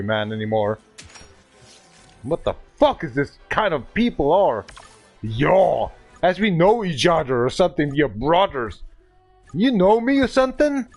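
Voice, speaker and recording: A man from Bavaria with a German accent, ranting profanely and hurling insults at another player during a gaming livestream. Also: on the high side. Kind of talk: angry livestream rant.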